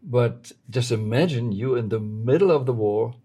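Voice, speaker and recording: A male interviewer with a dark, mellow and husky voice. He chats casually and nudges his guest along with short affirmations. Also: medium pitch, moderate pace.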